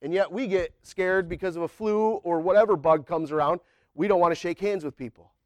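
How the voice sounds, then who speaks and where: A man preaching a sermon in church, colloquial and animated, his voice climbing toward near-shouts when he acts out prayers. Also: high-pitched, fairly quick, no room sound. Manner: colloquial, says y'all and man. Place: church sanctuary.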